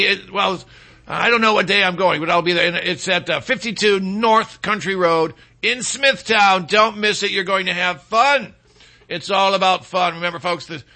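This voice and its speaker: A man's voice: sits high, bright, forceful tone. A man hosting a talk show, delivering a rambling, sarcastic monologue with mocking asides.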